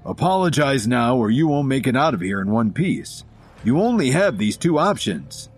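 A man voicing a stern, menacing middle-aged male executive who talks down to others, with a husky voice. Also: mid-range voice, sing-song, moderate pace, soft background music. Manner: stern, threatening.

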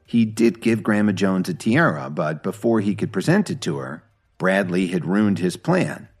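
A man reading a story aloud in scripted narration, steady and even. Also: low-pitched, moderate pace, breathy edge, soft background music.

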